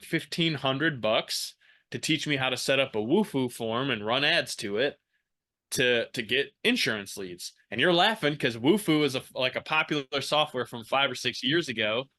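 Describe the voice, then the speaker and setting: A man telling his own story as a podcast guest, casual and animated, swearing freely and acting out the people he quotes. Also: medium pitch.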